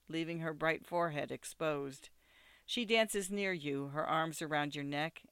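A man narrating an audiobook in a steady, second-person storytelling way. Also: on the high side, smooth, no echo.

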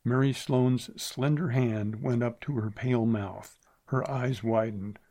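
A man reading a western novel aloud in a measured, steady narration. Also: medium pitch. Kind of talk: audiobook narration.

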